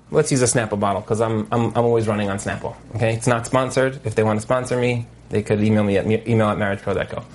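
A man teaching as a marriage coach in a lecture over a video call, telling stories with lively asides and many fillers. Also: medium pitch. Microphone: video call mic.

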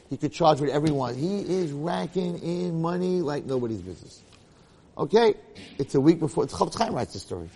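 Animated male storyteller lecturing. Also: a little high, fairly quick, slightly rough, big-room sound. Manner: animated storyteller, acts out the characters' lines. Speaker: Torah lecturer.

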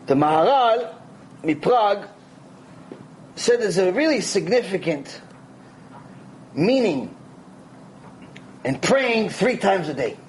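A man delivers a Torah lecture in a conversational, animated way, now and then acting out the voices of people he quotes. His voice sits high for a man. A faint hiss of background noise runs under the talk. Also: takes it slowly, long pauses. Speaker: rabbi.

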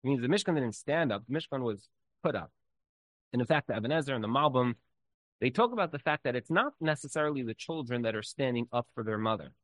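Guy giving a relaxed torah class, talks like, you know, super loose, middle pitch, dry close sound. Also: fast, no room sound, low-quality recording. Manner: conversational, many "like" fillers, lively storytelling. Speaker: Torah teacher.

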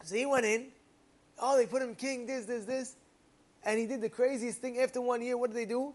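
A man casually telling a parable as a moral lesson, animated and rambling, with repeated fillers. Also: very high voice, a little fast. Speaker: storyteller giving a moral lesson.

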